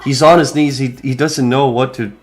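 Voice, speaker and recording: Brief: man running a tabletop game, mid-pitched, casual swearing narration. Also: fairly even intonation, moderate pace. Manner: loose and profane, with restarts. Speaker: game master.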